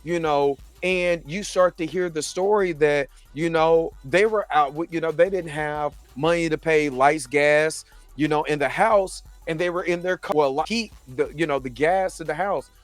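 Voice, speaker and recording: Casual recap host with dry sound. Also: male voice, fairly high pitch, moderate pace, few pauses, no echo, soft background music. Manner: conversational, full of "you know what I mean", animated retelling. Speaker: show host reviewing a TV episode.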